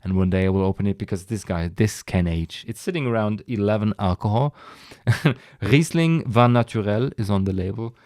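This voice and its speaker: A man with a fairly low voice talks about what he tastes in an easy, enthusiastic podcast chat. He rambles, restarts his sentences and breaks off with sighs. The sound is dry and close, with no room echo. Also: normal speed, a little mellow. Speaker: podcast host. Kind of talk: casual solo wine podcast.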